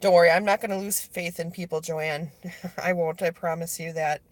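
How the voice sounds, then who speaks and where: There's no room sound as this woman vlogger, streaming live from her workplace, speaks in a low-ish voice with a steady tone at normal speed. She talks straight to her viewers by name, replying to their comments in a blunt, profane way.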